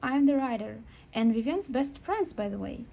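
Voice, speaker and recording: A woman voicing an excitable, chatty young woman writer who talks in quick exclamations in a home-made toy sketch. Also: on the high side, vocal fry. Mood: excited. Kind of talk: amateur toy sketch voice acting.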